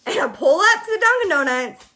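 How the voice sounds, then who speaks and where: A young woman telling a story casually to her viewers, animated and exasperated as she vents. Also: extremely high pitch, fairly quick. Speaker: vlogger.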